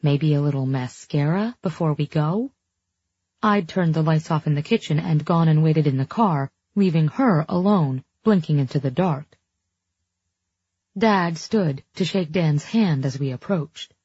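A woman's voice: low-pitched, unhurried, a little mellow, husky, no room sound. A woman narrating a novel in the first person, with a wry, introspective manner, in a dry and slightly dull recording. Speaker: audiobook narrator.

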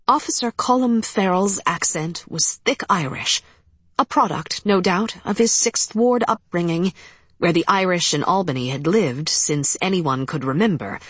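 A woman narrating a historical novel in an expressive, storytelling manner. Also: fairly low pitch, husky, no room sound. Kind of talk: audiobook narration.

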